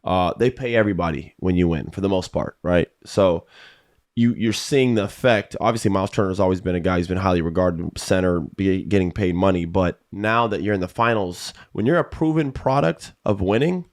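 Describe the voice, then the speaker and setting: A man with a somewhat low voice, chatting loosely as a sports podcast host. He rambles easily from point to point in a laid-back, unhurried way. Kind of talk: casual sports chat.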